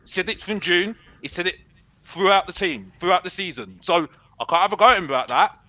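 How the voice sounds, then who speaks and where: A man's voice: high voice, expressive, a little fast, bright, forceful tone, poor audio. A young man, calling into a football fan show, ranting defiantly and repeating himself, dropping "bruv" a lot. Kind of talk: heated fan rant.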